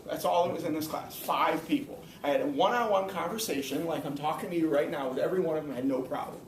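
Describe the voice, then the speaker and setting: A man giving a personal, earnest motivational talk to a live audience, slowing down to stress his main points. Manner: earnest, emphatic, slows down to stress key points. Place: hall or room before an audience. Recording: echoey room, speaker far from mic, faint rumble.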